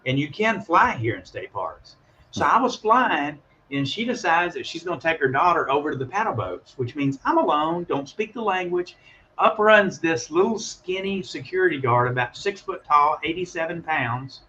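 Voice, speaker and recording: A man casually telling a story on a call, animated and acting out the voices of the people in it. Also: fairly high pitch, normal speed, lo-fi sound, a little hiss or hum. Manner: animated, acts out voices in his stories. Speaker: guest calling in.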